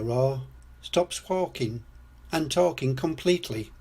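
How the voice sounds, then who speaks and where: An older man reading a children's storybook aloud, gentle and expressive. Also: mid-range voice, a little slow, breathy edge.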